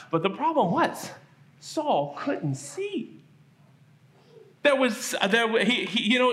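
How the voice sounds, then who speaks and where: A man telling a Bible story at a children's church service, animated and asking the kids questions. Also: high voice.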